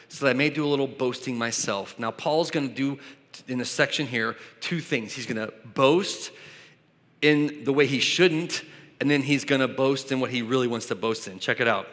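A man's voice: mid-range voice, normal speed, a bit bright. Man preaching in a reverberant hall. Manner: reads scripture aloud and comments conversationally. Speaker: pastor. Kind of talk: sermon.

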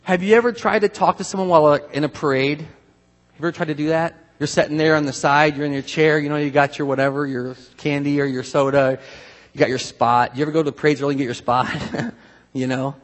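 A man preaching a sermon in a conversational, animated way, acting out voices of people he quotes. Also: on the high side, quick pace. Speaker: pastor. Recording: long hall reverb.

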